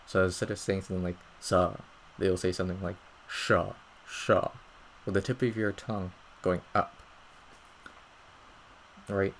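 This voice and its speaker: A man teaching pronunciation in a calm, methodical way, often checking in with listeners as he explains each sound over slides. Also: deep voice, brisk, long pauses, a little hiss or hum, low-quality recording. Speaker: language teacher.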